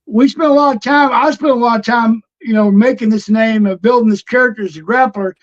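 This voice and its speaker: An older man with a drawl recounts wrestling days in a high voice. He slips into other people's voices as he tells it. The sound is dull and lo-fi, like a livestream. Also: fairly quick. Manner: animated storyteller, acts out old conversations. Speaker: retired pro wrestler, guest. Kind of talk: casual storytelling interview. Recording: dull lo-fi stream audio.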